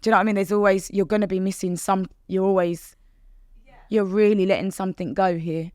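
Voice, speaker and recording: Lively woman telling stories. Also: medium pitch, fairly quick, clean tone. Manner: animated, laughs often, acts out her own past words. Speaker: podcast guest, fitness instructor. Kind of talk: casual interview chat.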